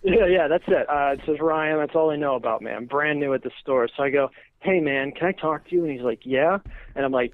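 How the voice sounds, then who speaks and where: A stand-up comedian in his thirties spins loose, foul-mouthed stories on a podcast, laughing as he goes. His voice sits a little high for a man. The recording is muffled and lo-fi. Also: brisk, no echo. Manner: animated, profane, laughs often at his own stories. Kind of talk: casual podcast storytelling.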